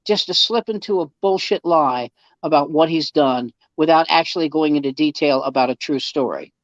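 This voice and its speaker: A comedian guest, speaking at normal speed in a fairly high voice, relates anecdotes in casual talk, acting out the dialogue and restarting many times. The sound is dull, dry, and lo-fi, with no echo.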